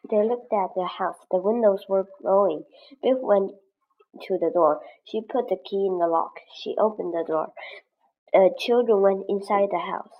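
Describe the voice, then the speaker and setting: A woman's voice: mid-range voice, a little slow, phone-quality sound. A woman reading a graded children's story aloud for English learners, with careful, evenly paced delivery. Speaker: English lesson reader.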